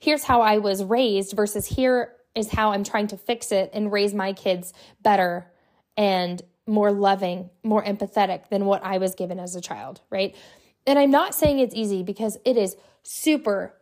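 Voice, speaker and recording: A woman's voice: mid-range voice, fairly even intonation, normal speed, darkish tone. Chatty young woman hosting a podcast. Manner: chatty, lots of "right?" and "like" fillers. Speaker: podcast host. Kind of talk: casual solo podcast talk.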